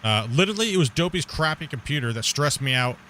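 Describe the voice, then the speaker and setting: A man's voice: fairly high pitch, lively intonation, fast, pushed and bright, a little hiss or hum. A man chatting casually while streaming live gameplay, rambling, laughing often and swearing casually.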